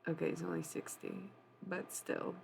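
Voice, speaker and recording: A woman with a deep, gravelly voice chats casually on a live stream. She rambles and muses aloud, swearing freely as she goes. There is a faint hiss of background noise. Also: wildly swooping pitch, moderate pace, darkish tone, poor audio. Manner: rambling, profane, musing aloud.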